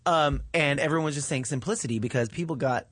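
A man co-hosting a casual studio chat show, animated and jokey, often jumping into high sing-song bits. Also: quick pace, slightly rough, no room sound. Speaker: podcast co-host.

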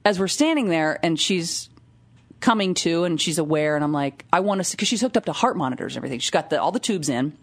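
A woman in casual chat, telling a story with lively acted-out quotes and frequent laughs. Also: lowish voice, fast. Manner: animated storyteller, acts out quotes, laughs often.

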